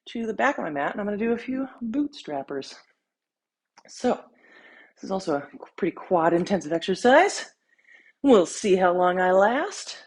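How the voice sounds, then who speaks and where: A woman fitness instructor talking a follow-along workout while she exercises, counting reps, out of breath, relaxed and encouraging. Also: medium pitch, husky.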